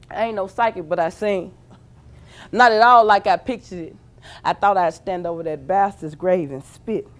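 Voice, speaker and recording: A woman in her thirties with a Memphis Southern accent, performing spoken-word poetry with intensity, swinging from hushed low lines to shouted peaks. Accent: Memphis Southern American. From Memphis, Tennessee. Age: 30s.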